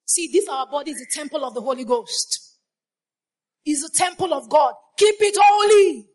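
A woman's voice: high voice, normal speed, darkish tone. A woman preaching a sermon, repeating her phrases and putting questions to the congregation. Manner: call-and-response, asks the congregation questions.

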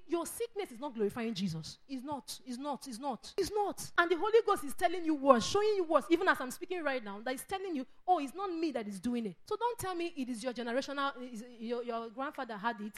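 A woman delivers a sermon in a high voice. She preaches emphatically, repeats her phrases and acts out the voices she quotes. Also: big pitch swings, fast.

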